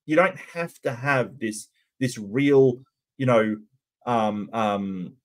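A commentator reacts to a cartoon and to his chat in a loose, conversational manner. He's halting, repeating words and restarting often as he collects his thoughts, in an ordinary mid-pitched voice.

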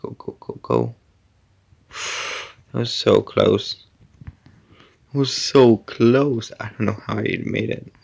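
A man's voice: on the low side, little pitch movement, slow, gravelly, long pauses, breathy edge. A man giving casual commentary while playing an obstacle-course game, muttering to himself, sometimes dropping to a whisper and sometimes exclaiming at setbacks.

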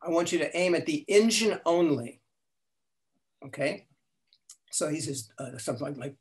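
An older man, the interview guest, tells anecdotes in an animated way and plays out every quote. His voice sits a bit high for a man. His sentences often stop and restart. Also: moderate pace, long pauses. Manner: animated storyteller, acts out quotes, frequent restarts. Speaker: guest, language inventor. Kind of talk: storytelling interview.

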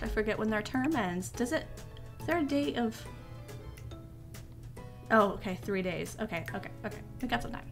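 Chatty excitable woman narrating gameplay. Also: fairly high pitch. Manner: chatty and excitable, reacting aloud to the game. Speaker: gaming video creator. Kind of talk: casual let's-play commentary.

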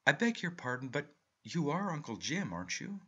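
A man voicing a reserved, earnest young man who asks quiet, hesitant questions. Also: on the high side, very animated, normal speed, breathy edge, lo-fi sound, voice pushed up, heavily acted. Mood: hushed.

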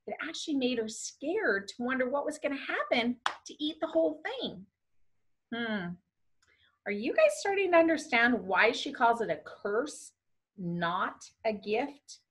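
High, expressive woman reading aloud. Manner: expressive, asks listeners questions. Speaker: teacher. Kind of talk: reading a book aloud to students and discussing it.

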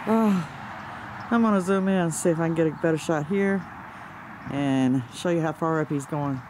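A man's voice: on the high side, moderate pace, background noise. A man filming outdoors with a handheld camera, talking in an agitated, exasperated way and swearing now and then. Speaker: amateur video maker. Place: outdoors under open sky. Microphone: handheld camera mic.

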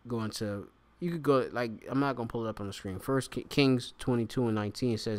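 A man's voice: medium pitch, steady tone, fairly quick, a little mellow. A man giving an informal scripture lesson, reading verses aloud and stopping often to explain words, with many fillers. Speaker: bible teacher.

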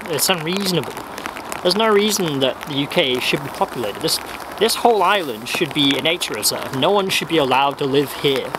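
A man's voice: a little high, background noise. A young man talking casually and wryly to the camera from a dim room at his desk, meandering and laughing at himself. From Wales. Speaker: vlogger. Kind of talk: casual rambling vlog.

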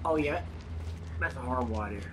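A man's voice: mid-range voice, lively intonation, fast talker, noisy background. A man with the hiccups giving casual, joking commentary while playing a video game, laughing often. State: has the hiccups. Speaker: let's play co-host.

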